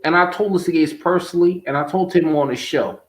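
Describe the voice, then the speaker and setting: A man's voice: on the high side, fast, echoey room. A man co-hosting a live gaming talk show, talking trash in a profane, emphatic way. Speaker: show co-host. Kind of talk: trash-talking casual chat.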